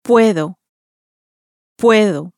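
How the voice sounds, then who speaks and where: A woman's voice: mid-range voice, very slow, darkish tone, no room sound, clean studio sound. A woman giving model words for a language course, saying each one carefully twice. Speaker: native-speaker model voice. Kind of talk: repeating model words for learners.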